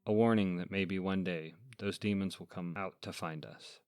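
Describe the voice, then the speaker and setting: A man narrating a first-person horror fable in a measured, deadpan, scripted way as host of a story podcast. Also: low voice, clear, resonant tone, no echo.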